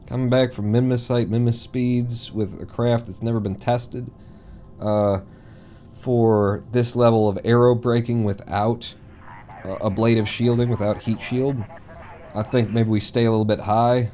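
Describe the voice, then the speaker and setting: A male streamer commenting on his gameplay live in a loose, rambling way, talking to himself and breaking into loud swearing when the game goes wrong. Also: medium pitch, steady tone, unhurried, slight background noise. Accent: East Coast American, put on.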